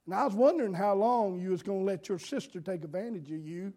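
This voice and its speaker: A woman's voice: mid-range voice, fast talker, close to an everyday voice. A man quoting a kindly, forgiving old grandmother in a story he tells from the pulpit. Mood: gentle. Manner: gentle, forgiving.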